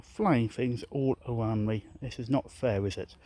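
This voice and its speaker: Man, mid pitch, breathless walking vlogger with a dry close sound, rambling and self-correcting. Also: unhurried, warm tone, no echo. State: out of breath from climbing. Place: outdoors, hilly park walk.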